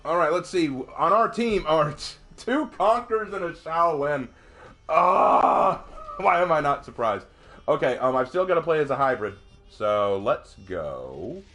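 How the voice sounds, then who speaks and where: A man streaming gameplay, reading chat aloud and thinking out loud as he plays, chatty and quick to laugh. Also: on the high side. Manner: chatty, excitable, laughs often, talks to himself. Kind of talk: live gameplay commentary.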